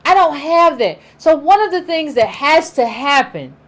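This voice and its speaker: African american woman ranting on her vlog, high voice, keeps repeating herself for emphasis. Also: lively intonation, normal speed. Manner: emphatic, repetitive, acts out imagined quotes. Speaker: political commentator vlogger. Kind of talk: animated opinion monologue.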